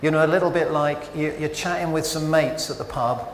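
Chatty preacher in echoey church. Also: male voice, a little high, brisk, a little hiss or hum. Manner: conversational, self-interrupting, animated rhetorical questions. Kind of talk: sermon. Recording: echoey church with long reverb.

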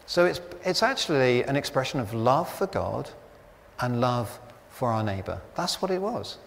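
A middle-aged British pastor preaches a sermon in a church, chatty and anecdotal with wry humour. His mid-range voice is very animated and creaky at a measured pace, with church hall reverb and faint ambience.

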